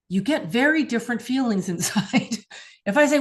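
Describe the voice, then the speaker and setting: A woman's voice: medium pitch, moderate pace. A woman hosting a spiritual mindset show, teaching in a casual, earnest way, acting out questions and laughing now and then. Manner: earnest, animated, laughs often, acts out questions.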